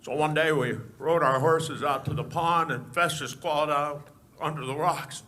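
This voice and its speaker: A man doing an impression of a stammering, folksy old-time film actor, telling a tall tale with a halting, drawling delivery. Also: on the high side, steady tone, bright, forceful tone.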